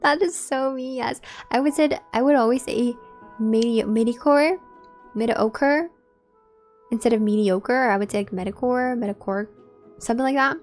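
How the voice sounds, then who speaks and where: A woman's voice: high-pitched, fast talker, few pauses, soft background music. A woman streaming a game and chatting casually with her viewers, musing aloud. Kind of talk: casual gameplay commentary.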